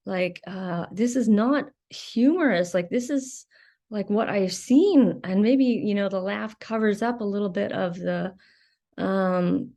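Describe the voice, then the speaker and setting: A woman hosting a reflective personal monologue about her recovery, candid and hesitant, with many pauses and fillers and a blunt edge. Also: medium pitch, warm tone. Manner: candid, hesitant, many ums, swears when angry. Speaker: video host sharing recovery experience.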